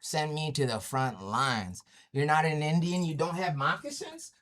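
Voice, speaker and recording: A man's voice: on the high side, animated, unhurried, fairly bright tone, a little hiss or hum. A man on a casual live stream, trash-talking in a brash, profane way and laughing often. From Indigenous North America. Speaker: livestreamer. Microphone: streaming mic at home.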